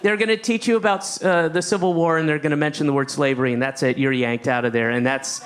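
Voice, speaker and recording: On a New York comedy stage, a man with a mid-range voice does stand-up at a normal speed. He chats with the crowd in a sardonic, conversational way, teasing the audience.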